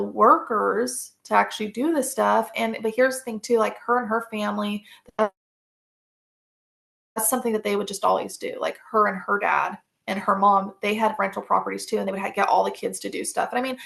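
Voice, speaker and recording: A woman's voice: mid-range voice, creaky, fairly bright tone. A woman, a podcast guest, telling personal stories in a casual, rambling way, full of fillers and restarts.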